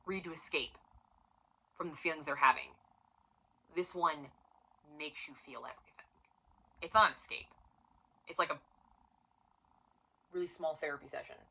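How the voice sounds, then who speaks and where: Emphatic, bright-voiced woman reviewing a book. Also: sits low, rough recording. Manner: emphatic, profane, swings from loud to near-whisper. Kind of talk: casual book review vlog.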